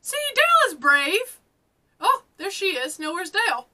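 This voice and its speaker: A woman's voice: extremely high pitch, sing-song, measured pace, pushed and bright. A woman hosting a casual reaction commentary, chatting and exclaiming at the screen. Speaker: host.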